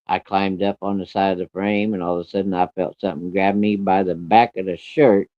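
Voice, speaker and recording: A man with a low voice tells a personal story bluntly and plainly, swearing as he goes. The sound is dry and close, on a dull, lo-fi recording. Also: steady tone, fairly quick, no room sound. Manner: plain-spoken, blunt, cursing.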